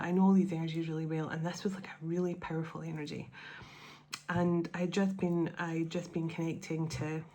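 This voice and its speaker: Gravelly low-voiced woman, emotional and rambling. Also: darkish tone. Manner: emotional, rambling, with many restarts. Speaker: tarot and spiritual channel host. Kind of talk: casual heartfelt talk to viewers.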